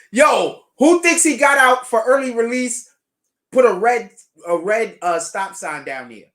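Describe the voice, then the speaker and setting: A man's voice: extremely high pitch, fairly bright tone. A man hosting a livestream, reading viewer chat aloud and reacting in an incredulous, emphatic way, laughing between remarks. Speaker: show host.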